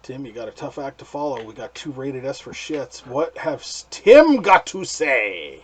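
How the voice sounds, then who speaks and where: A man's voice: mid-range voice, normal speed, husky. A man hosting a casual movie review podcast, joking and handing the turn to others. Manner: lively, joking, playful outbursts. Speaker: podcast host.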